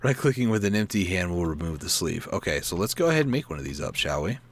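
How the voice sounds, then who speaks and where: A man's voice: low-pitched, very animated. A man hosting a gaming video, reading an in-game guide aloud, stumbling over words and correcting himself, with asides and questions to himself. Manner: reads aloud haltingly, stumbling and self-correcting. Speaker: gaming channel host.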